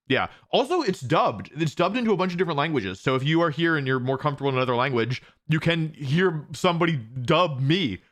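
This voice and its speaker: Hosting a watch-party live stream, this young man has a somewhat high, fairly bright voice. He chats casually, reading out viewer questions and restarting often as he answers.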